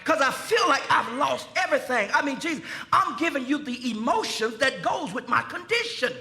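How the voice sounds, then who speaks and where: A pastor acting out a desperate grieving believer who shouts disbelieving complaints at Jesus. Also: male voice, extremely high pitch, animated, moderate pace, roomy sound, heavily acted. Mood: pleading, exasperated.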